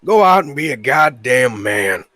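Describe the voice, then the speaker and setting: A man doing a gruff skeptical outlaw. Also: mid-range voice, big pitch swings, measured pace, fairly bright tone, dry recording. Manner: blunt, skeptical, rough-spoken. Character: gruff weary male cowboy outlaw.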